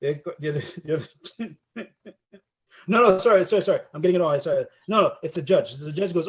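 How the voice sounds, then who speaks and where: High husky guy on a podcast, super animated, does all the voices. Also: brisk. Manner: animated storyteller, acts out voices and shouts. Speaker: podcast co-host. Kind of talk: casual storytelling chat.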